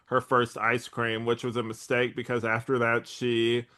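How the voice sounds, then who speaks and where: A man's voice: mid-range voice, completely flat delivery, moderate pace, sharp tone, smooth. A young man co-hosting a casual rewatch podcast, rambling with lots of likes and ums and laughing often. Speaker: podcast co-host.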